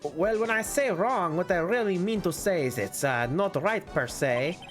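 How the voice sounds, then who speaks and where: A woman's voice: lowish voice, expressive, moderate pace, over music, pitched below the performer's own voice, natural voice. A woman reading a timid, crybaby young man aloud, stammering and hesitant, for a game playthrough. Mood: nervous.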